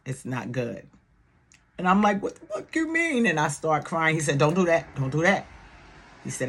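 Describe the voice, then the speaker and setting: A middle-aged woman talking casually and bluntly on her video channel, loud and animated, swearing freely, with grief showing through in places. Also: sits low, husky. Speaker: YouTube reality-TV commentator. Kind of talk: casual vlog commentary.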